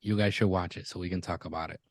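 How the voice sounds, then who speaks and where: Animated, swearing man retelling a show. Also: sits low, fast talker, no room sound. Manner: animated storyteller, swears freely, retells scenes with quoted voices. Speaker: podcast co-host. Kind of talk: casual chat.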